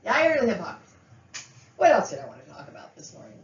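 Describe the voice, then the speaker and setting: A woman's voice: fairly high pitch, huge pitch swings, quick pace, slight background noise. A woman vlogger delivering an emotional, agitated monologue, repeating herself and checking in with "okay?" and "you know what I mean?". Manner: agitated, repetitive, keeps asking "okay?". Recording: dull, echoey room, mic far off.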